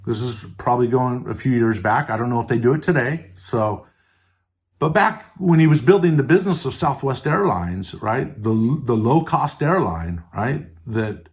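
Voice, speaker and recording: Lively-voiced man giving a leadership talk. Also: medium pitch. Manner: earnest, stresses words by tone, asks listeners questions; many fillers like "right?" and "and so forth". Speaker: podcast host.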